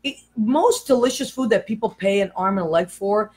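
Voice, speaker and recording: Older female radio host, animated storyteller, casual. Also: mid-range voice, brisk. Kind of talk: casual chat.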